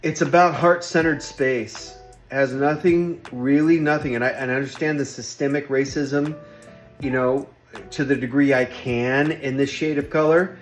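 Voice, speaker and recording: A man's voice: mid-range voice, fairly even intonation, moderate pace, soft background music. A man hosting his own vlog in an earnest, emphatic monologue, repeating himself and pleading with listeners. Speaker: vlogger hosting a workplace show.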